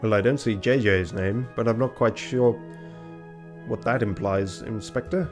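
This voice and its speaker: A man's voice: on the low side, a little slow, soft background music, lightly acted. A man voicing a prim rooster lawyer. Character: proper male rooster lawyer, fussy and polite.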